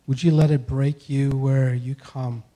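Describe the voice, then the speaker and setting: A male pastor delivering a sermon, earnestly pleading with his listeners and letting his lines fall soft at the close. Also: mid-range voice, little pitch movement, measured pace. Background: soft guitar music.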